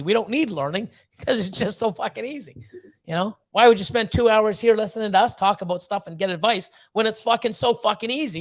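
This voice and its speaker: A man's voice: high-pitched, a bit bright. A man hosting a livestream, ranting bluntly with heavy swearing and fired-up motivational talk. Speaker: snake breeder hosting a livestream. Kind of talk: livestream rant.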